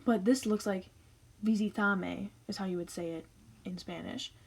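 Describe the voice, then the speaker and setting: A woman's voice: on the low side, brisk, gravelly, warm tone, slight background noise, poor audio. Young woman explaining Spanish grammar casually. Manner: chatty, explains step by step. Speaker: Spanish teacher.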